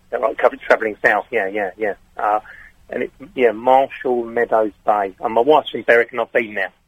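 A man's voice: mid-range voice, steady tone, a little fast, slightly rough, no room sound. A man calling in to a radio phone-in with an answer, hesitant and rambling. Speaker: caller. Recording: thin dry phone line.

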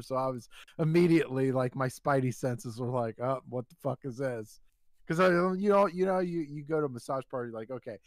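A man's voice: medium pitch, clear, resonant tone, no echo. A man telling a long, rambling story in a casual chat, swearing freely and restarting his sentences often.

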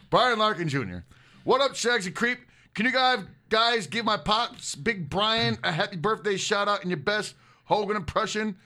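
Loud, profane male podcast co-host. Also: sits high, animated, moderate pace. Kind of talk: casual chat, reading fan questions.

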